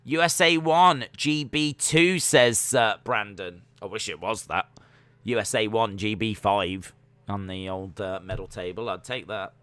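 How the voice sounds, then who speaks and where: A man's voice: lowish voice, steady tone, measured pace, a bit bright, smooth, no echo. Jokey man hosting a watch-along. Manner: jokey, rambling, many fillers. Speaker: live stream host. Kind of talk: casual watch-along commentary, reading chat.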